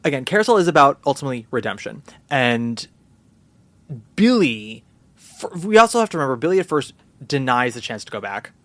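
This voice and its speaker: A young man hosting a podcast in casual chat, animated and profane, acting out quotes in little voices. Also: mid-range voice, brisk, no room sound. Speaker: podcast host.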